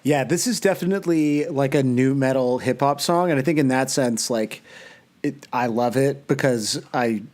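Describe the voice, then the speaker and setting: A man co-hosting a casual podcast chat, easygoing and quick to laugh, telling chatty stories. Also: medium pitch, darkish tone. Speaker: podcast co-host.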